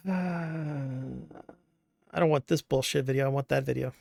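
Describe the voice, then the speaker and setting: A man's voice: medium pitch, steady tone, rapid-fire, vocal fry, a little mellow, dry recording, studio quality. A man streaming a game live, chatting casually, rambling and joking, swearing now and then at the game. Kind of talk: casual livestream chat.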